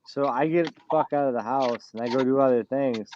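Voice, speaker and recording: On a muffled recording with a little hiss or hum, a man hosts a casual live-stream chat in a mid-range, darkish voice at a slightly fast clip. He's blunt and boastful, swears often, and brags about pushing through on little sleep.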